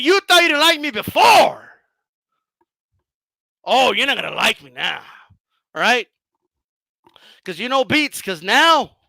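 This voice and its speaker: A man hosting a boxing channel, gloating and mocking his critics in a heated rant, swearing often and shouting at times. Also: very high voice, vocal fry, no echo. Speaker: boxing commentator and channel host.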